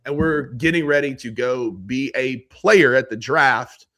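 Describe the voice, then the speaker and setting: A man's voice: medium pitch, measured pace, a bit bright. A man with a Mississippi accent hosting a casual sports podcast, talking in a laid-back, folksy way as he walks through betting picks. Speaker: podcast host.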